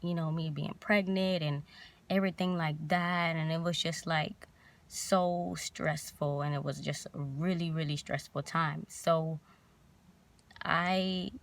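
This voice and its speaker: A young woman vlogger telling a painful personal story in a halting, emotional way, near tears. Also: lowish voice, no room sound.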